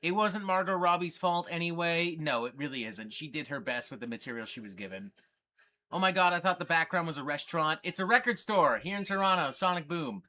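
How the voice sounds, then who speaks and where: Male stream host, casual and profane, bright, animated delivery. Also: a little high, fairly quick, a little hiss or hum. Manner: rambling, profane, jokey. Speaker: livestream host. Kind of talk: casual livestream chat. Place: record store.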